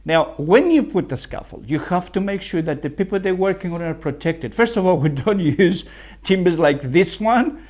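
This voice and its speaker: A man with a notably high voice talks in a loose, chatty way from a building site. He keeps laughing at his own jokes as he rambles on like a licensed builder sharing tips. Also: lively intonation, normal speed, darkish tone. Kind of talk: casual chat reacting to clips.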